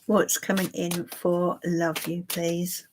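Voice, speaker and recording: A woman's voice: fairly low pitch, little pitch movement, slow, noisy background. A woman giving a live-stream tarot reading for viewers, musing and hesitant with many fillers. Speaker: tarot reader.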